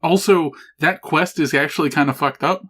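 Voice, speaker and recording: A man's voice: a little high, moderate pace, a bit bright. A man co-hosting a podcast in casual chat, laid-back, laughing often and swearing casually. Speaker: podcast co-host. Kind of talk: casual chat about a video game.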